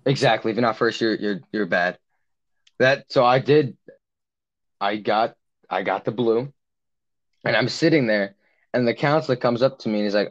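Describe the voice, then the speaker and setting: A man's voice: mid-range voice, moderate pace, pauses often, muffled recording. A young man casually telling a long story on a podcast, rambling with many fillers and restarts. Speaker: podcast co-host.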